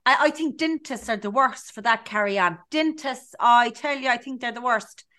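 Irish woman gabbing on a podcast, high bright voice, acts out the other people in her stories. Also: normal speed. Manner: chatty, tells stories acting out others' lines. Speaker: podcast co-host. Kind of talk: casual chat.

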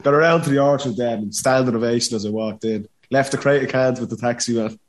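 A man in his thirties with a Dublin accent tells a story on a podcast. He talks in a loose, chatty way and keeps breaking into quoted dialogue and laughter. His voice sits at a middle pitch. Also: quick pace, a crowd in the background. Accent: Dublin Irish. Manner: animated anecdote with laughter and acted quotes. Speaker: podcast guest, former footballer. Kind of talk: casual storytelling.

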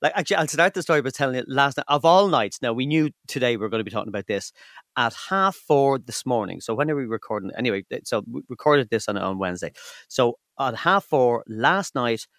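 A man's voice: medium pitch, animated, fairly quick, a bit bright, dry recording, clean studio sound. A man in his fifties with an Irish accent, co-hosting a casual podcast chat and telling stories animatedly, swearing freely. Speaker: podcast co-host. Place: studio.

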